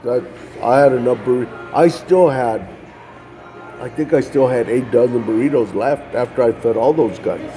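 A man's voice: medium pitch, normal speed, dark tone, soft background music. A man casually telling a personal testimony, loose and conversational, often tossing in "man" and restarting phrases. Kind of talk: casual storytelling.

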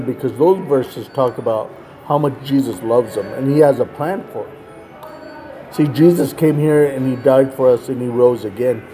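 A man earnestly retelling a story in a conversation, plainspoken and lively in the telling. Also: mid-range voice.

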